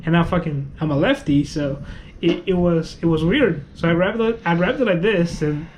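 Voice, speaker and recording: A man's voice: fairly high pitch, normal speed, a little hiss or hum, low-quality recording. A man co-hosting a casual podcast, telling a story in a loose, profane way, full of fillers and restarts. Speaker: podcast co-host. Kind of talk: casual chat.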